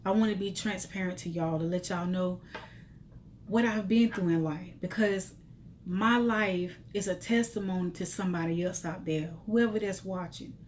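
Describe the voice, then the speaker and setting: A woman's voice: lowish voice, moderate pace, a little mellow, slight background noise. A middle-aged woman telling her life story to viewers in an emotional, testifying, repetitive way.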